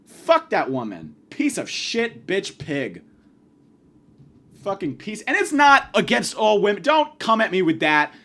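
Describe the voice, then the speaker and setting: A man's voice: high-pitched, huge pitch swings, measured pace, a bit bright. A man hosting a podcast, delivering a profane, sarcastic comedic rant. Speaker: podcast host.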